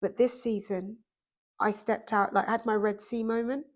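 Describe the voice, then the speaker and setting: A woman with a fairly high voice tells her own story as a podcast guest. She speaks animated and emphatic, and she acts out the voices she quotes. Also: normal speed. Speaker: podcast guest, dancer and author. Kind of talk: personal storytelling in conversation.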